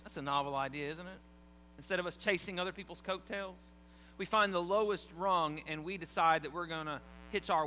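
A man's voice: high voice, bright, forceful tone. A man preaching a sermon in a conversational way, often asking his congregation questions. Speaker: pastor. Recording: long hall reverb, faint hum.

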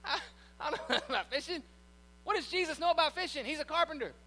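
High, bright preacher in a hall. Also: male voice, lively intonation, quick pace. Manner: folksy, joking, conversational preaching. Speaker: pastor. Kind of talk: sermon.

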